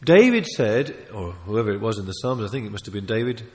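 Animated preacher in a reverberant hall. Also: male voice, lowish voice, brisk. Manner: animated, emphatic, with frequent restarts and asides. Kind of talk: sermon. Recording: long reverb of a large hall.

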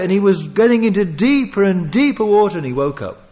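A man delivering a sermon with a lively, constantly moving voice that sits a little higher than most men's. He pleads earnestly and turns dramatic, rising to loud emphasis and then dropping to a hushed near-whisper. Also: brisk, hardly any pauses. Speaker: preacher.

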